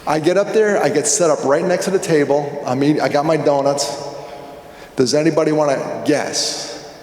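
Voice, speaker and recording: A man's voice: on the high side, moderate pace, darkish tone. A man giving a conversational, jokey talk at a conference, telling stories and asking the audience questions. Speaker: conference speaker. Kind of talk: storytelling keynote talk. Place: large hall with an audience. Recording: echoey hall, long reverb.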